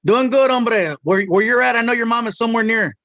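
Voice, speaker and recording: A man's voice: very high-pitched, fairly quick, sharp tone, a little hiss or hum. Joking male comedian telling a story. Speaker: voice actor and comedian. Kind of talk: casual interview storytelling.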